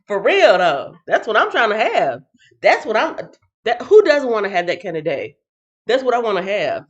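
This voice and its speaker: A woman's voice: mid-range voice, measured pace, long pauses. Tired lady chatting on her stream, voice jumps all over the place, kinda dull lo-fi sound. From Texas. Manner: animated and playful, breaks into sing-song bits. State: tired after a night shift. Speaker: livestream host. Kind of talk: casual livestream chat, reading chat comments.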